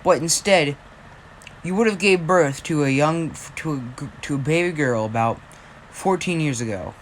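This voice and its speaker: A man voicing a calm young deal-making hero. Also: a little high, normal speed, slight background noise, lightly acted. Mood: matter-of-fact.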